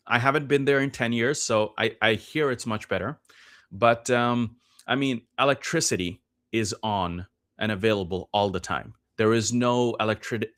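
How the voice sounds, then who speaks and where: A man who grew up in Norway, explaining things patiently in a casual podcast conversation, with frequent pauses and fillers. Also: lowish voice, fairly bright tone. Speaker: podcast guest.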